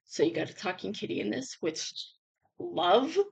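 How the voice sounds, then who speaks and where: A woman reviewing a book in a casual vlog, bubbly and chatty with lots of fillers, her voice hoarse and giving out. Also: mid-range voice, expressive, normal speed, low-quality recording.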